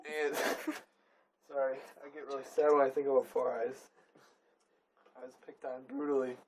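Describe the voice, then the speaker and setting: Young adult improvising a silly story among friends, giggly and rambling, mic set back, soft room hiss. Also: medium pitch, level tone, moderate pace, far from the mic, poor audio. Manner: giggly, rambling, self-correcting.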